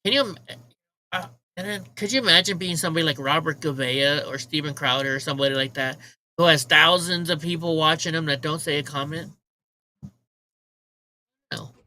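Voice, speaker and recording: A man's voice: fairly high pitch, steady tone, normal speed, long pauses, pushed and bright, slight background noise, rough recording. A man hosting a casual livestream, ranting with profanity and mocking remarks while he talks to his chat. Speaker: livestream host.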